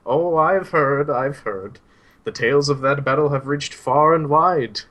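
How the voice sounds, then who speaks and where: A man voicing a kind, frail old male teacher who hunches over a cane, speaking slowly and gently chiding. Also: on the high side, pitched above the performer's own voice. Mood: gentle.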